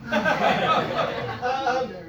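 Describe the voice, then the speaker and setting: A man's voice: very high voice, lively intonation, drawn-out words, over a noisy crowd, heavy background noise. A man singing comic songs at a pub comedy night, stumbling and self-deprecating between numbers. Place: small pub room. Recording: echoey room, mic far off. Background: ukulele strumming.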